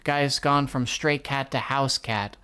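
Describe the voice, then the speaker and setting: A man giving casual, excitable reaction commentary while reading a manga, swearing freely and laughing often. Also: mid-range voice, takes it slowly, clean tone.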